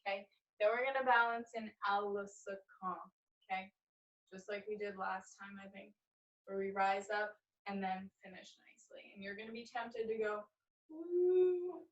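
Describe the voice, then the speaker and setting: A young woman ballet teacher calling counts and giving gentle step-by-step corrections during a live class in a dance studio. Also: medium pitch, fairly even intonation, moderate pace. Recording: muffled recording with piano music behind.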